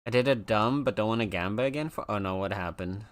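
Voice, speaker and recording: With a mid-range voice, a streamer chats casually with viewers, gushing over pets in a cooing tone and stretching out exclamations.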